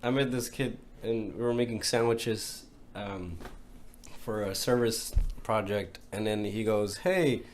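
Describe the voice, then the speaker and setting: A young man chats in a laid-back way, full of slang and filler words. He sounds relaxed and easygoing as a podcast co-host. Steady noise sits under his voice. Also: on the low side, measured pace. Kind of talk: casual chat. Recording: background noise.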